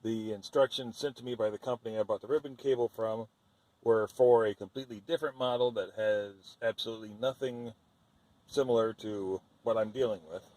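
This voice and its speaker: A man's voice: on the low side, steady tone, brisk, darkish tone, dry recording, rough recording. Man, do-it-yourself car repair narration, cautious, thinking aloud, inside a vehicle. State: out of breath. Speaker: DIY car repair vlogger. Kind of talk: casual how-to narration while working.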